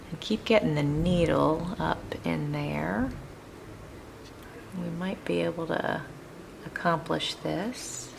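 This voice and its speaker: A woman's voice: fairly low pitch, creaky, fairly bright tone, a little hiss or hum, poor audio. A woman hosting a crafting tutorial, chatting in a casual, upbeat way and laughing now and then as she works. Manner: chatty, upbeat, laughs often while working. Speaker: craft video host.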